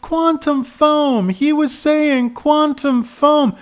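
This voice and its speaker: A high, earnest little know-it-all with glasses, as a man puts him on while reading a book aloud. He speaks slowly and carefully, explaining a scientific idea as if to grown-ups who should know better. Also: steady tone. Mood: insistent. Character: earnest bespectacled eleven-year-old boy.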